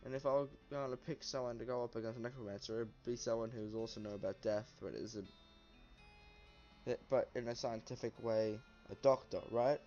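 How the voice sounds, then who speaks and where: A man's voice: mid-range voice, fairly even intonation, fairly quick, warm tone. A man hosting a let's play, playfully reading game text aloud and commenting as he goes. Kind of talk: gameplay commentary. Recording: dull lo-fi audio, faint music.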